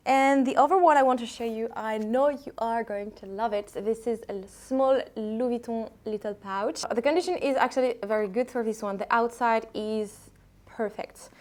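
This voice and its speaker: A woman's voice: fairly high pitch, normal speed, darkish tone. A woman from France with a French accent, casually showing secondhand bags in a vlog and talking with hesitant, chatty restarts. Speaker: vlogger selling secondhand luxury bags. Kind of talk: casual product showcase.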